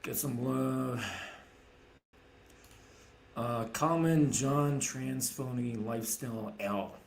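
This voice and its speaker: Profane, ranting streamer, echoey room. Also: male voice, mid-range voice, slow pace, creaky, a little hiss or hum. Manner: profane, heated and sarcastic. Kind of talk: angry livestream rant.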